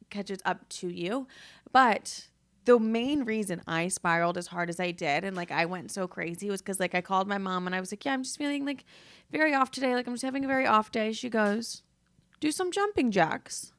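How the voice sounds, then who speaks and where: Still teary after crying, a young podcast host rambles through a casual, confessional chat, cursing freely. She has a mid-range, slightly bright voice.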